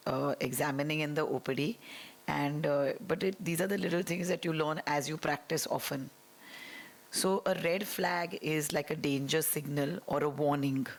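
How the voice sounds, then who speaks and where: Low gravelly hoarse indian english woman, doctor giving a conference talk, lots of uhs. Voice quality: hoarse, strained voice. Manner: rambling with many fillers. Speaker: oculoplastics consultant presenting a talk. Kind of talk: conference lecture.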